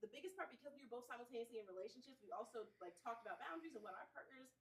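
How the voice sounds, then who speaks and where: A woman co-host on a relaxed panel podcast. She talks frankly and at a quick clip, and her voice sits a little high. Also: husky. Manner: frank, rapid talker. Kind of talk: casual panel chat.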